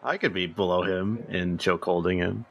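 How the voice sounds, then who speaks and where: A man's voice: low-pitched, steady tone, moderate pace, vocal fry, muffled recording. A man playing in a tabletop game, dry and laid-back. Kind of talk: casual gaming chat.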